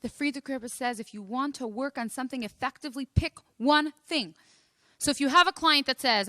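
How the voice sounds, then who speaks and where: A woman coach delivers a motivational talk, animated and emphatic, stressing key points. Her voice is high and bright. It is recorded dry and close, with almost no room sound. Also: fairly quick, no echo. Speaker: life coach and speaker. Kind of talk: motivational lecture.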